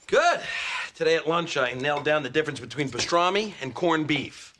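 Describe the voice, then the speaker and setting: A man's voice: on the high side, big pitch swings, normal speed, bright, forceful tone. A man playing a goofy, joking husband. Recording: noisy TV sitcom audio.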